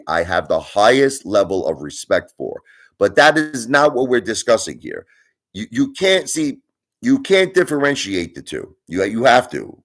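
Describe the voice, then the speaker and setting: Emphatic low-voiced man ranting to viewers. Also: a bit bright. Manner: emphatic, repeats "listen" and "you understand?"; argumentative, speeds up and slows down for emphasis. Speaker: channel host. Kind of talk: casual opinion rant to viewers.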